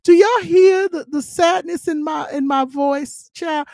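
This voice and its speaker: A woman co-hosting a casual podcast, talking playfully and dramatically, swinging from loud bursts to quiet asides. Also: very high-pitched, unhurried, hardly any pauses, no echo, clean studio sound. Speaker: podcast co-host.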